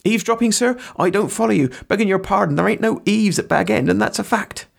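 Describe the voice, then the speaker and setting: A man's voice: high-pitched, quick pace, creaky, pitched above the performer's own voice, full character voice. A man reading aloud and voicing a panicky young male hobbit gardener, pleading and deferential. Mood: flustered.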